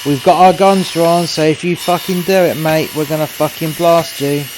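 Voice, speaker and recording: An aggressive armed police officer, put on by a man, barking sweary orders at a raised pitch. The recording has noticeable noise. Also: fairly even intonation, normal speed, lightly acted. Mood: commanding.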